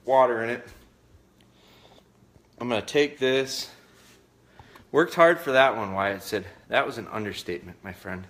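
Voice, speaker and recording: During a live dog training session, a man addresses viewers in a medium-pitched, slightly bright voice. He is a bit out of breath and sweating, rambling in a folksy way and repeating himself.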